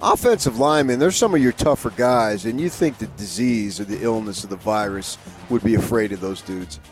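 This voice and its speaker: A man's voice: lowish voice, brisk, faint music behind. A man co-hosting a morning sports radio show, telling boastful jokes and stories. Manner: joking, boastful, storytelling.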